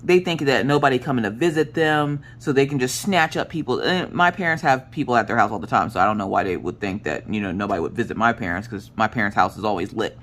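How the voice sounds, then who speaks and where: A woman's voice: extremely low pitch, animated, fast talker, few pauses. A woman, a craft vlogger chatting casually and telling a dramatic story as she works.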